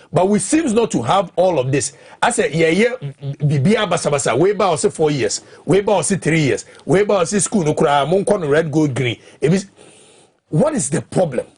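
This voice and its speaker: A man hosting a studio discussion, steady and leading with questions. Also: fairly high pitch, breathy edge.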